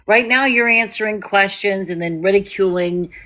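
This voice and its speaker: A woman's voice: medium pitch, moderate pace, pushed and bright. A woman who has joined a livestream as a guest and talks to the host in a blunt, critical way. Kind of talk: critical call-in remarks.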